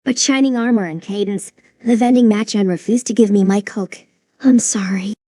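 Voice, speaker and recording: A synthetic woman's voice playing a hot-tempered, foul-mouthed young female pony in cartoon dialogue, speaking in an even, machine-like rhythm. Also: mid-range voice, moderate pace, dry recording, clean studio sound, close to an everyday voice. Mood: pleading. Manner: swears constantly, demanding.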